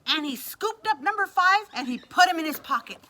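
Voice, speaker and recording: A woman reading a picture book aloud with a lively, expressive delivery. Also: fairly quick, a little hiss or hum. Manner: lively, expressive reading that shifts pitch for the characters. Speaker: storybook reader.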